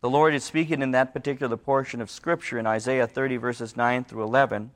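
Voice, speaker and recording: A man preaching a sermon, telling stories in an animated way and sometimes dropping to quiet, low asides. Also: fairly quick. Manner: storytelling, animated, rising in pitch for emphasis. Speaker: pastor.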